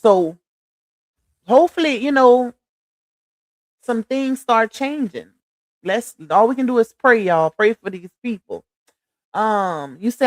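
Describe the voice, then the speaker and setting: A woman's voice: fairly high pitch, animated, slow pace, pauses often, no echo, studio quality. A woman hosting a casual livestream, chatty and preachy, talking straight to her viewers as "y'all.". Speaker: livestream host.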